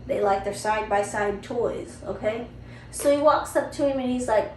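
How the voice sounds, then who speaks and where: A woman podcast host telling a family story in a chatty, animated way, with frequent asides to the listener. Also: mid-range voice, normal speed, a little hiss or hum. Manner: chatty, animated, lots of "you know" and "right?". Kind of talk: casual storytelling. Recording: roomy, distant mic, faint ambience.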